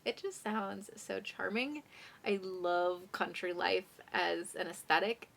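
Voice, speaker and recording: A young woman vlogs about books in a relaxed, rambling way, her voice dipping into a low fry at the ends of phrases. She is self-deprecating and sometimes drops to quiet asides. She was recorded close on a small phone condenser mic. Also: takes it slowly, a little hiss or hum. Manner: chatty and self-deprecating, trailing off into soft asides. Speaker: book vlogger. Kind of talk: casual chat about books.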